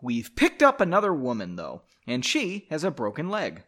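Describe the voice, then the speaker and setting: A man's voice: a little high, wildly swooping pitch, moderate pace, fairly bright tone, heavily acted. Dude reading a practical young woman, matter-of-fact, no fuss. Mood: calm.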